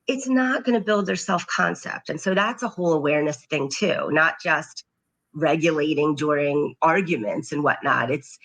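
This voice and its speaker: This middle-aged woman, interviewed on a podcast as a parent coach and occupational therapist, reflects earnestly and frequently repeats the words she uses with her children. She has a deep, fairly bright voice and speaks at an ordinary pace.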